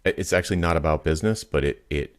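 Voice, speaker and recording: A man with an exceptionally deep, low voice coaches a guest over a video call. He explains his points with calm confidence and often illustrates them with little stories. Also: fast talker. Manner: confident, explanatory, tells anecdotes to make points. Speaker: podcast host and business coach.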